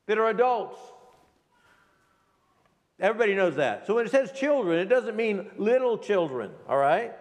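A middle-aged male pastor preaching a sermon with emphasis, slowing down to read scripture aloud. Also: sits high. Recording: long reverb of a hall.

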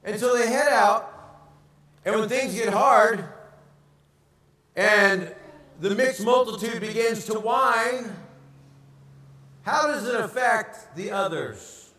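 High-voiced preaching man, echoey hall. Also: slow, long pauses, recorded from a distance. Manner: animated preaching with rhetorical questions. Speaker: pastor. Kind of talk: sermon.

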